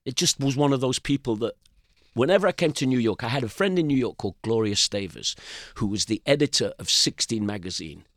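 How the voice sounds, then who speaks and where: A man's voice: mid-range voice, lively intonation, fairly quick, a bit bright, dry recording, studio quality. An older English man telling loose, rambling anecdotes as a podcast guest. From England. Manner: rambling anecdotal storyteller, frequent restarts. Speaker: guest musician. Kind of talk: casual storytelling interview.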